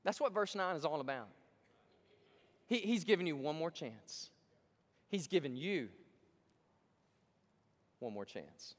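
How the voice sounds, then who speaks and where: Preaching a sermon in a large church sanctuary, an emphatic male pastor speaks in a high, very lively voice that moves between hushed pleading and loud excitement. He is unhurried, with long pauses, and a long hall reverb trails every phrase.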